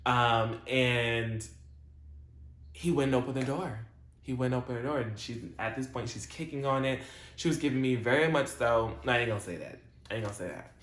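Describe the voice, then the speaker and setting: A man talks through a TV episode in a loose, chatty recap. He leans on slang and keeps saying "like" as he tells the story. His voice sits at an ordinary middle pitch and rings a little in a roomy space. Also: moderate pace, a bit bright. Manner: chatty retelling, heavy use of "like" and slang. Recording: roomy echo.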